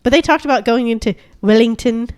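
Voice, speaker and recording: A woman's voice: on the high side, brisk, darkish tone, no echo. Chatty woman podcast cohost, laughs a lot, dry close sound. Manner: chatty, laughs often, quotes others in playful voices. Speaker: podcast co-host. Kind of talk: casual banter.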